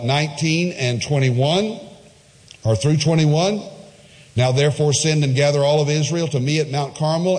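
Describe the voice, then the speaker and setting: A man preaching a sermon, retelling a Bible story with lively acted-out quotes and shifting emphasis. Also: medium pitch, big-room sound. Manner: animated preaching, acts out voices in Bible quotes. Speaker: pastor.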